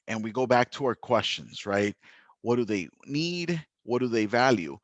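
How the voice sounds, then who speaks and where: A man teaching a literature lesson, talking in a lively, chatty way with frequent laughter and restarts. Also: mid-range voice, normal speed, no echo, lo-fi sound. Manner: animated, chatty, laughs often, many restarts. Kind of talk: recorded classroom lesson.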